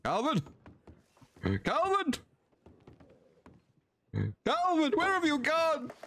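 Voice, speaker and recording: A man voicing an emotional, doting older rancher father in a live roleplay, with dramatic, drawn-out delivery. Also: mid-range voice, slight background noise. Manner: dramatic, drawn-out, prone to frantic shouting. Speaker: roleplay streamer.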